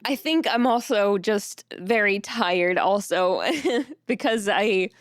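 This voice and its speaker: Soft-spoken, slow-talking streamer woman. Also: mid-range voice, smooth, no room sound, clean studio sound. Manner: soft, rambling, self-doubting, with nervous laughs. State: tearful. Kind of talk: casual stream chat.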